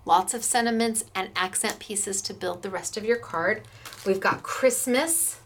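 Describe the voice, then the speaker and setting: A woman's voice: mid-range voice, a little slow, fairly bright tone, husky. An American woman who runs a craft shop, chatting enthusiastically as she demonstrates stamps and dies and gushes over the samples.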